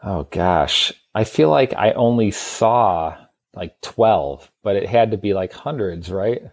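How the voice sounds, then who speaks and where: A man's voice: fairly low pitch, animated, takes it slowly, darkish tone, dry recording. A man co-hosting a podcast in casual chat, hesitant and full of fillers. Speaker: podcast co-host.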